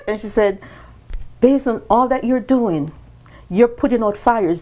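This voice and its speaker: A woman guest on a business podcast, telling her story in an animated way and acting out quoted dialogue with sudden jumps in pitch. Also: normal speed.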